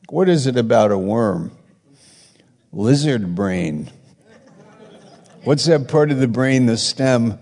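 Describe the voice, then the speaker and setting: A man with a lowish, gravelly voice preaches slowly, wandering through Bible stories and stopping to correct himself. His voice rings with the long reverb of a hall. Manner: rambling, self-correcting, storytelling with rising excitement. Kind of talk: sermon, Bible teaching.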